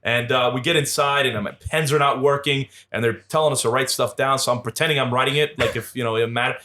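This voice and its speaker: A man in his thirties, a podcast guest, telling a lively story and acting out the voices of the people in it. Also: medium pitch, quick pace. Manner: animated storyteller, acts out dialogue with swearing and laughs. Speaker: podcast guest, Marine veteran and police officer. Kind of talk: casual storytelling.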